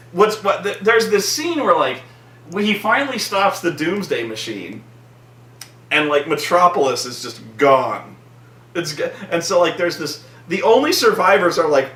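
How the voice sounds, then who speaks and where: This vlogger's movie-review rant is casual and full of profanity, with animated delivery and mocking impressions. He speaks in a fairly high voice, a little slowly, and the recording sounds echoey, with the mic some distance away.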